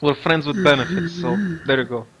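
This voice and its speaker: A man playing his character in a tabletop game, tossing out jokes and laughing freely. His voice is bright and forward, at a middling pitch. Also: a little fast, slightly rough. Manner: joking, laughs a lot. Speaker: player. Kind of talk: casual tabletop play.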